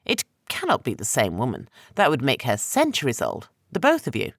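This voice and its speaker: A man's voice: mid-range voice, huge pitch swings, normal speed, a bit bright, no echo, studio quality, heavily acted. A man voicing a frightened, defiant young Roman noblewoman in a raised, tense voice for an audiobook.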